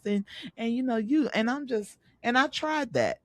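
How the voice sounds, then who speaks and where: A woman's voice: fairly high pitch, normal speed, no echo. A woman in her late thirties hosting a podcast, chatting casually and animatedly, laughing often. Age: 30s. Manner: animated, laughs a lot, talks with repeated filler phrases. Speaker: podcast host. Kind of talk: casual chat.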